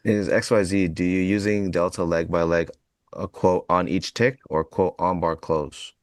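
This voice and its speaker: A man's voice: low voice, fairly even intonation, a little slow, no echo, clean studio sound. A man hosting a live trading chat, joking bluntly and relaying viewer questions to the panel.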